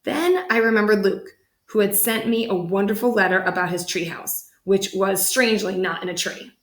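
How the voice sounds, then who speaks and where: Woman storyteller, animated picture-book reading with lively pitch leaps, mid-range voice. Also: normal speed, reverberant. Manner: animated, voices the characters with big pitch jumps.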